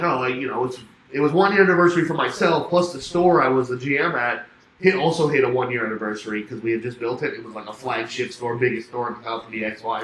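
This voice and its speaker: A young man telling a rambling party story in casual chat, swearing and laughing, acting out both sides of phone calls. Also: medium pitch. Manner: swearing, laughing, animated anecdote with quoted dialogue. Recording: echoey room with faint ambience.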